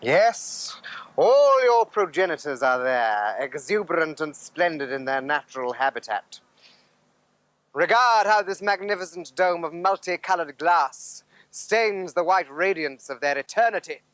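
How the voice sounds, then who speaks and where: An actor in a solo stage performance playing a grand male guide to a dreamlike heaven, who speaks in slow, ornate riddles. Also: fairly high pitch, animated, a bit bright, no room sound. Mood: grandiose.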